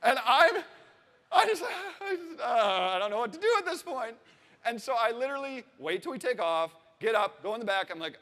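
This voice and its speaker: Animated high-voiced man with hall reverb. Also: a little fast. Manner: animated, swearing, acting out voices and laughing. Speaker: storyteller on stage. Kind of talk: comic personal anecdote to a live audience.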